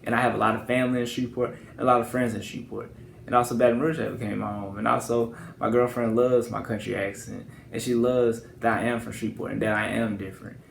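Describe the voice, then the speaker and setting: Quick and creaky, with a medium pitch that barely moves, a young man from Louisiana chats to camera in his country accent, rambling through stories and tacking on "and stuff" again and again. It's a vlog recorded with a roomy sound and some hiss or hum.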